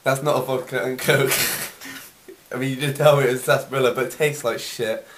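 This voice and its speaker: A man's voice: medium pitch, steady tone, normal speed, a bit bright. A man playing a bemused customer in an amateur comedy sketch. He talks in a hesitant way and stammers over his words. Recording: roomy, distant camera mic, faint noise.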